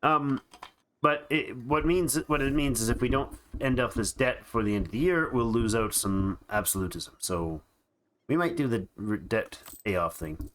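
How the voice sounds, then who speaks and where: A man's voice: mid-range voice, normal speed, a bit bright, slight background noise. A tired man hosting a let's play, thinking aloud in casual game commentary with frequent restarts. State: tired and yawning.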